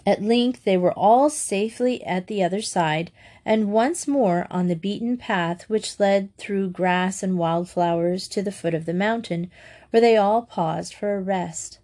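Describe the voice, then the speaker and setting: A woman reads a children's novel aloud. Her voice is middle-pitched and her storytelling is steady. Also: unhurried. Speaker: audiobook reader.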